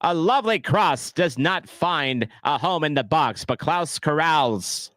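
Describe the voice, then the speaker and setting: A man's voice: fairly high pitch, lively intonation, a bit bright, dry recording, studio quality. A man putting on a late-1920s mobster voice to do soccer play-by-play. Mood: tough. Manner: tough, slowed mobster drawl on names. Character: male late-1920s gangster, tough talker.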